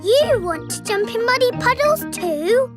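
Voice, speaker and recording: A bubbly little piglet girl, bossy and playful, giggling in a very high, lively voice. She talks at an unhurried pace, with music playing behind. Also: exaggerated voice.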